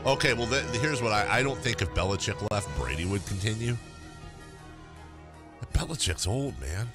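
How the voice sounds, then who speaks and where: Deep-voiced man on sports radio. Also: expressive, normal speed, over music. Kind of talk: casual sports talk.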